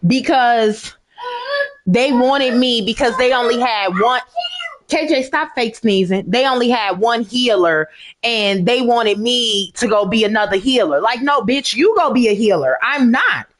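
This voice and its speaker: Animated, foul-mouthed woman streamer. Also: on the high side, a little slow. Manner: animated, profane, laughs at own jokes. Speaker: gaming streamer. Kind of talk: casual chat to a stream audience while gaming.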